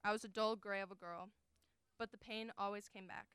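A young adult woman giving an earnest, deliberate dramatic reading of first-person prose as a college forensics performer. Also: medium pitch, fairly even intonation, a bit bright, smooth, no room sound. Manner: earnest, deliberate, emotionally weighted delivery.

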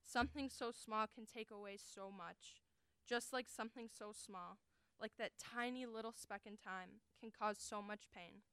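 A young adult woman giving an earnest, deliberate dramatic reading of first-person prose as a college forensics performer. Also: medium pitch, fairly even intonation, pushed and bright, clean tone, no echo. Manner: earnest, deliberate, emotionally weighted delivery.

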